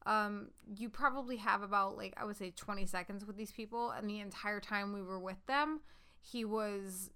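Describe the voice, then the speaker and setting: A woman in her thirties telling a story in casual chat, animated and swearing freely. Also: mid-range voice, moderate pace, clean tone. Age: 30s.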